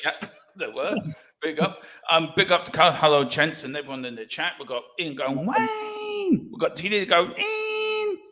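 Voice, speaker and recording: A man co-hosting a casual sports livestream, jokey and energetic, with a sore throat. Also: fairly high pitch, moderate pace. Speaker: livestream co-host.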